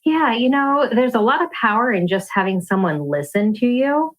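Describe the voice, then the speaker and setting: A woman's voice: fairly high pitch, animated, moderate pace, rough recording. A woman who works as a life coach, talking openly and earnestly as a podcast guest. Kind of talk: casual interview chat.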